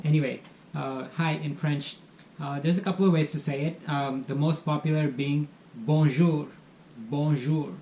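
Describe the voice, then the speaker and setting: A cheerful man hosts a beginner language lesson, sounding encouraging and slowing down to model each phrase clearly. His voice sits a little high for a man. He is recorded in an echoey room with a faint hiss underneath. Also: mellow. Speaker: language teacher, channel host.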